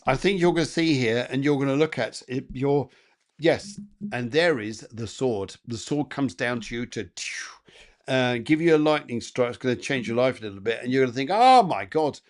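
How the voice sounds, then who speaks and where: A man doing live psychic readings for chat viewers, chatty and encouraging, with lots of fillers and restarts. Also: medium pitch.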